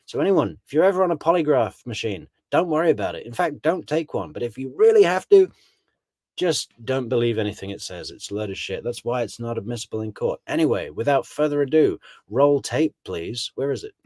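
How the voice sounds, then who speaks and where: A man delivers casual true crime commentary in a sardonic, chatty way, often putting on voices to mock what others said. His voice sits at an ordinary pitch. The sound is close and dry, with no room echo. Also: big pitch swings, fairly quick, darkish tone. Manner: sardonic, acts out quotes in mocking voices.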